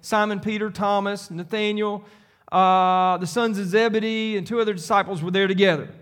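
A man's voice: high-pitched, steady tone, moderate pace, fairly bright tone, smooth. A male pastor preaching a sermon on scripture, emphatic and repetitive, talking directly to the congregation.

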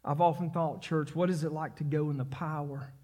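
Fervent high-voiced preacher. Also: male voice, fairly even intonation, fairly quick. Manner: fervent preaching, rising to near-shouts. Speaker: pastor. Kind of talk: sermon.

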